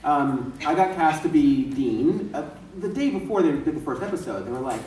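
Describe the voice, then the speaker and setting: Man, voice actor on a convention panel, lively swooping delivery, echoey room, distant mic. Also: on the high side, normal speed, a little hiss or hum. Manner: laughing, acts out voices mid-story. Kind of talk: animated storytelling to an audience. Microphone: far from the mic.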